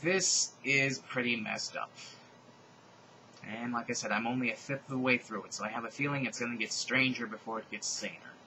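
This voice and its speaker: A man giving a comedic dramatic reading of a fan fiction, mock-serious with sarcastic deadpan asides. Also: mid-range voice, normal speed, slight background noise, poor audio.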